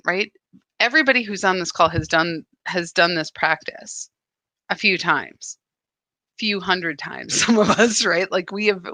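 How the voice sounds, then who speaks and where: A woman leads a live spiritual session in a bright, forward voice. She talks in a lively, chatty way and keeps checking in with "right?". The sound is close and dry. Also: mid-range voice, no room sound. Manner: animated, chatty, full of "right?" asides. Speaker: spiritual guide leading a live practice. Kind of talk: live-stream spiritual talk.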